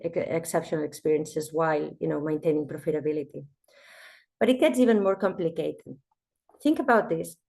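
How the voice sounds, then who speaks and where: A woman with a croaky voice from a cold, giving a webinar presentation and speaking directly to her listeners. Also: on the low side, darkish tone. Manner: storytelling, addresses listeners directly.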